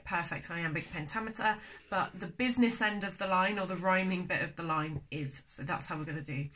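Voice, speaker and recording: A young woman giving a casual video lesson on poetry, chatty and self-deprecating, thinking aloud and slowing down to sound out syllables. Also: medium pitch, a bit bright. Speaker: poetry tutor.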